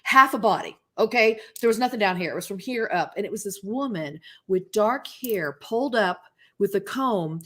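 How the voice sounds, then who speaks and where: A woman guest tells stories casually on a radio talk show. She keeps her voice at an everyday middle pitch and acts out the voices of people she quotes as she goes. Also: lively intonation, moderate pace. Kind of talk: casual interview storytelling.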